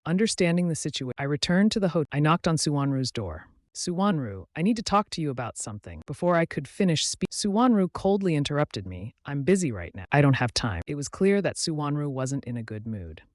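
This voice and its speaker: A man's voice: fairly high pitch, big pitch swings, a little fast, few pauses, no room sound. Man narrating a story, dry close mic.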